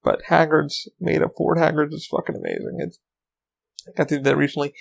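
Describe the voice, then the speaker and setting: A man's voice: on the high side, flat delivery, fast, creaky, poor audio. A man hosting his own podcast, chatting casually and rambling with lots of ums and swearing. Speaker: podcast host. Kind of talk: casual solo podcast chat.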